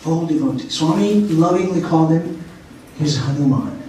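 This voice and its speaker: Heard from a distance in a reverberant meeting hall, a man at a spiritual center tells his audience a spiritual story and checks in with them along the way. His voice is fairly high and mellow, and his pace is moderate, with slight background noise.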